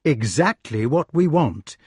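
A man's voice: medium pitch, big pitch swings, a little slow, a little mellow, husky, no room sound, studio quality, exaggerated voice. A man voicing a cheerful, shrewd male outlaw leader in a storybook reading, with a hearty, commanding manner.

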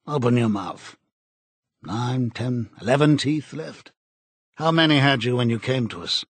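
Guy doing a creepy calm interrogator, husky, talks slow and cold, audiobook. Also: medium pitch, no room sound. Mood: taunting. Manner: cold, measured, contemptuous. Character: cold menacing male interrogator, middle-aged. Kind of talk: audiobook character reading.

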